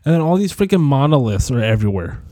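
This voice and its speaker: A man's voice: mid-range voice, big pitch swings, fast talker, mellow, no room sound, studio quality. A man in his twenties, sick and coughing, rambling through a profane solo audio diary that drifts from topic to topic. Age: 20s.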